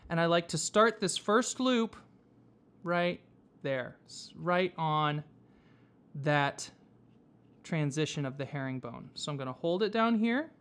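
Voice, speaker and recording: A man teaching whipmaking, explaining each step patiently with frequent pauses and fillers. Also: high-pitched, fairly bright tone. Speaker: whipmaking instructor. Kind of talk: hands-on craft tutorial. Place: workshop.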